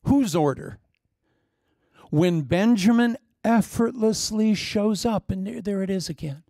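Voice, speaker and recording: Gravelly-voiced man preaching animatedly. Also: sits high, a little slow, dark tone, no echo, clean studio sound. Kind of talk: sermon.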